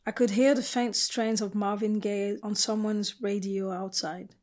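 A woman reading a first-person novel aloud as an audiobook narrator, with a measured, intimate delivery. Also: medium pitch, flat delivery, darkish tone.

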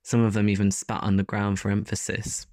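A man narrating a first-person story as an audiobook in a steady, even delivery. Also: on the low side, fairly quick, dry recording, clean studio sound.

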